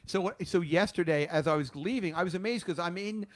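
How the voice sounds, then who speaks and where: A man, his voice sitting a little high for a man, tells stories in loose, foul-mouthed chat. He gets loud and animated whenever he quotes someone in a story. It's an easygoing podcast conversation. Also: brisk. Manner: profane storyteller, loud when he quotes people. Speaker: podcast host. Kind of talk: casual chat.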